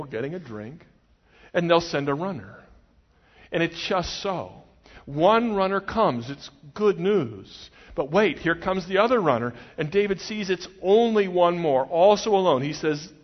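A man preaching with a slightly raised voice, telling the story with feeling and acting out the lines of its people. His voice rings with the long echo of a large hall, and the recording sounds a bit muffled. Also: fairly high pitch. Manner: expressive storytelling with voiced quotes. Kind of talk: sermon.

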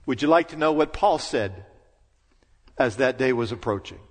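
A middle-aged man giving an earnest sermon as pastor, pausing for emphasis. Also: medium pitch, lively intonation. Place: church sanctuary. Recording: long church reverb.

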